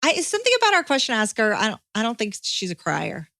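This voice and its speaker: Opinionated woman co-host, quick casual talk, dry close mic. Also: fairly high pitch, huge pitch swings, pushed and bright, no echo. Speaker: podcast co-host. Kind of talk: casual advice chat.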